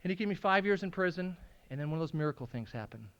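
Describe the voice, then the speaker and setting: A man sharing his recovery story at a meeting, swinging from hushed, tearful moments to loud laughing outbursts. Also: on the high side, lively intonation, rapid-fire, muffled recording. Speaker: AA speaker. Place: meeting room at a school.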